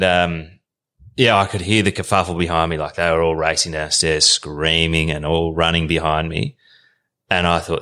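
A man with an Australian accent, telling a story as a podcast guest in a casual, animated way and swearing freely. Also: low voice.

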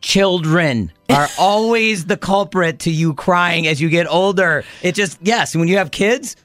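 A man co-hosting a radio show, chummy and agreeable with quick interjections. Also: high voice, fairly bright tone, no room sound, studio quality, faint music behind. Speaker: radio co-host. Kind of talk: casual radio chat.

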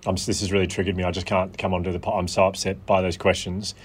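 An Australian man chatting as a podcast guest, telling stories animatedly with quick asides. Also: low voice, flat delivery, a little hiss or hum. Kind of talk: casual chat.

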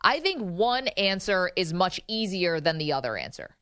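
A woman's voice: fairly low pitch, sing-song, normal speed, a bit bright, smooth, no echo, clean studio sound. Chatty woman sports show co-host. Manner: laughs often, chatty, reads quotes aloud. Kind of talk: casual sports chat.

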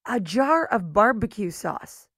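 A woman's voice: mid-range voice, big pitch swings, slow, fairly bright tone, slightly rough, dry recording. A woman hosting a radio show, chatting casually with a dry, teasing manner in a studio.

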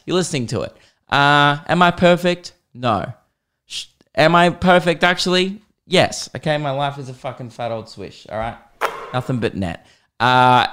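A man's voice: mid-range voice, fairly bright tone, clean tone. A young man hosting a comedic solo podcast, ranting sarcastically and swearing often. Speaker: podcast host.

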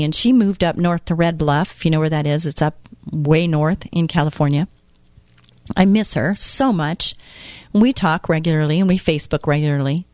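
A woman in her fifties with a lowish, darkish voice and no room sound hosts a faith radio talk show in a casual monologue. She's chatty, firing question after question at the listener and telling stories from her own life.

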